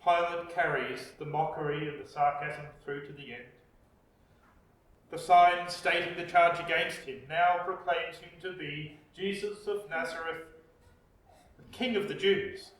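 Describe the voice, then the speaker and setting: A man with an Australian accent preaching a reflective sermon as pastor, slow with dramatic pauses. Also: on the high side, a bit bright. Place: church. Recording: echoey church, distant mic.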